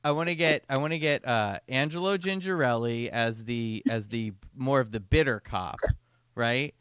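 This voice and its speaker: A young adult man hosting a podcast, chatting casually and pitching an idea with lots of restarts over a call. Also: normal speed, fairly bright tone, clean tone, no room sound. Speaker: podcast host. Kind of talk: casual chat.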